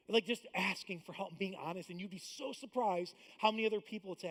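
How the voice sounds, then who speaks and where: A man preaching a sermon as pastor, conversational with fillers and jokes, swinging between loud emphatic lines and hushed intimate asides. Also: high-pitched, fast talker, hardly any pauses. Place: large church auditorium. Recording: long reverb of a large church hall.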